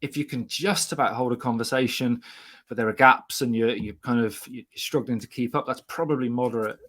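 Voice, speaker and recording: A man's voice: medium pitch, steady tone, a bit bright. A man with a British accent co-hosting a podcast, teasing his co-host dryly and wrapping up the episode. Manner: dry teasing banter, then brisk wrap-up. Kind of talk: casual podcast chat.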